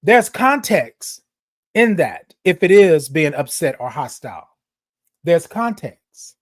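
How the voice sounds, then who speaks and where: In a slow, sing-song delivery at medium pitch, a livestream host preaches to viewers, emphatic and passionate. Lines are repeated sermon-style and the voice swells louder, all part of an animated live-stream address.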